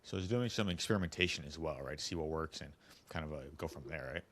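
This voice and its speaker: A man's voice: very deep voice, lively intonation, quick pace, fairly bright tone. A man hosting a casual interview, agreeable and summing up his guest's points. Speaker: podcast host.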